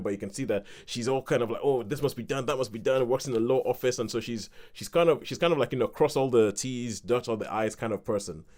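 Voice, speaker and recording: A man in casual podcast chat, reviewing a comedy series in a rambling, good-humoured way. His voice sits at an ordinary middle pitch, and he often stops to laugh before he picks up his thread again. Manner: chatty, rambling, laughs between points. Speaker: podcast co-host.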